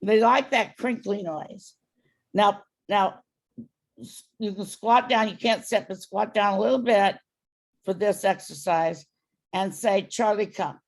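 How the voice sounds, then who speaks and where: A woman's voice: mid-range voice, measured pace, vocal fry. A woman dog trainer giving a client patient, step-by-step instructions. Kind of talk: coaching a client through training.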